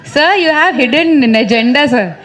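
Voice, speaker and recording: A woman with an Indian English accent talks at a press meet, playful and chatty and quick to tease. Her voice sits a little high for a woman. Her answers are loose and full of stories. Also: lively intonation, fairly bright tone, rough recording. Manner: chatty and playful, teasing the reporters.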